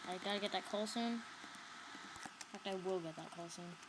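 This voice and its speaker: A woman talks viewers through her game in a casual, chatty way, easily startled and quick to shriek. Her pitch sits in an ordinary middle range for a woman. Steady background noise runs under the homemade recording. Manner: jumpy, shrieks when startled. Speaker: gamer narrating her play. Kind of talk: casual gameplay commentary.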